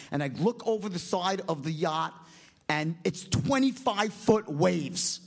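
A middle-aged man telling a comic story on stage, animated and profane, with constant "right?" asides. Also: a little high.

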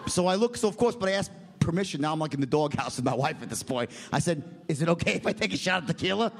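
Animated high-voiced man telling a wild story. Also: fast talker, creaky. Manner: animated, profane, frequent "right?" asides. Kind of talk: comic storytelling.

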